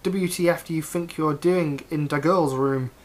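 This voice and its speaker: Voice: mid-range voice, normal speed, darkish tone, close to an everyday voice. A reader voicing an angsty gothic teenage girl who snarls her lines in over-the-top anger. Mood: angry.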